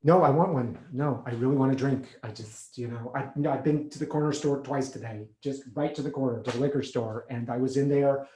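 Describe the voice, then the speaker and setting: A man playing an anxious recovering alcoholic on the phone to his sponsor, halting and stammering as he repeats himself. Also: mid-range voice, fairly even intonation, mellow, natural voice. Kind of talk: stage monologue acting. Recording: echoey room.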